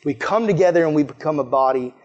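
A man's voice: fairly high pitch, animated, fast talker, a little mellow, muffled recording. A man preaching a casual sermon to young people, enthusiastic and chatty, often saying "like" and "man". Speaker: youth pastor.

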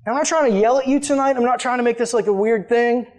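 A man's voice: very high-pitched, fast, darkish tone. A young adult man, a youth pastor, preaching a conversational, emphatic sermon to a youth group.

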